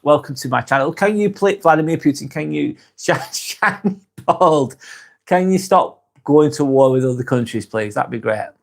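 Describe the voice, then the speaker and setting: A man's voice: on the high side, animated, normal speed, gravelly. A man with a British accent hosting a casual live stream, reading out viewer comments and answering them bluntly, swearing freely and often laughing.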